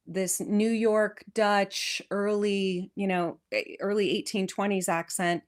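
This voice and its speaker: A woman with a West Coast American accent hosting a podcast. She reads an old poem aloud, then chats about its history in a lively, enthusiastic way with frequent restarts. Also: medium pitch, slow. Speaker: podcast host. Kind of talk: poetry reading and casual history chat. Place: lives in England.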